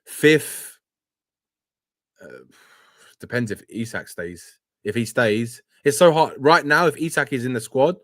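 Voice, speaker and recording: Measured male fan caller, dry sound. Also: medium pitch, expressive, fairly bright tone, no echo. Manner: measured, hedging, repeats himself. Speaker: fan guest. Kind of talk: casual fan call-in chat.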